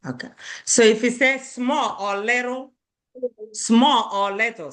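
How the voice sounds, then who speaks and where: Slow, patient woman teaching a lesson. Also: a little high, a bit bright. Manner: slow, repeats words and stresses syllables for learners; firm with children who do not pay attention. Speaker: language teacher. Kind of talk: online beginner language lesson.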